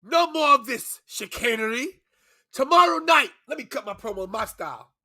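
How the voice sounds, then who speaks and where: A man hosting a live wrestling podcast, loud and playful, bursting into shouts and goofy sing-song bits. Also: extremely high pitch, expressive, moderate pace, dry recording, studio quality. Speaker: podcast host. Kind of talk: live watch-along chat.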